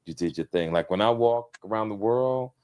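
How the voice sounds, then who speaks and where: Animated deep-voiced man telling stories. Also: normal speed, clean tone. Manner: animated storyteller, swears freely. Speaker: podcast guest. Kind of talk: casual podcast chat.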